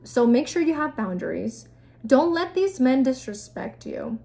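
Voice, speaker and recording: A young woman with a fairly high voice gives frank, no-nonsense advice straight to the camera. Her delivery is casual and blunt, full of fillers and mild profanity. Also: very animated, measured pace, gravelly, warm tone. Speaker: vlogger giving advice.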